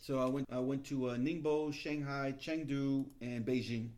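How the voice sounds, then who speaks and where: A man telling travel stories in casual chat, animated and acting out the people he quotes. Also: medium pitch, moderate pace. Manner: animated storytelling, acts out quoted voices.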